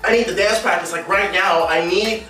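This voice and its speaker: A man hosting a music video reaction, exclaiming loudly and swearing, with shrieks at the high points. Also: fairly even intonation, normal speed. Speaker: YouTube reaction host. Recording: roomy echo, mic at a distance, music behind. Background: music video playing.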